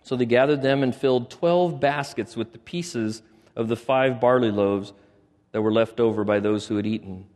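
A man's voice: mid-range voice, normal speed. Preaching man with echoing hall reverb. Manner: animated storytelling, acts out quoted lines. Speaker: pastor. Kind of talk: sermon.

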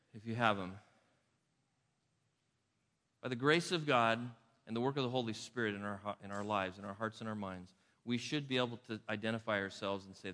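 A man preaching a sermon in a church, emphatic and dramatic, moving between loud urgent lines and hushed quiet ones. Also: lowish voice. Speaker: pastor. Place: church sanctuary. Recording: reverberant hall sound.

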